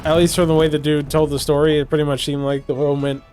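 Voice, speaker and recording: A man's voice: level tone, fast, a little mellow, soft background music. A man telling a long story in casual chat while gaming, laughing often and rambling. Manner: rambling storyteller, laughs often, mimics people in higher voices. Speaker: co-host. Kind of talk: casual chat during gameplay.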